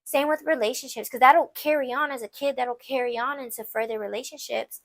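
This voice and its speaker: A young woman talks straight to her listeners on a casual advice podcast, with a voice pitched slightly high. She's candid and emphatic and scatters "like" through her sentences. Playful asides keep it loose and personal. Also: steady tone, a little fast, vocal fry, dry recording. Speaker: podcast host.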